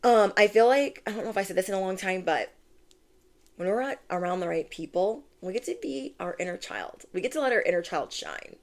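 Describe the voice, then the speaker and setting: A woman's voice: medium pitch, animated, brisk. A young adult woman giving a casual tarot reading to her viewers, gushing and chatty, full of "like" and "oh my gosh". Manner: bubbly, gushing, many "like"s and "oh my gosh". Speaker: tarot reader.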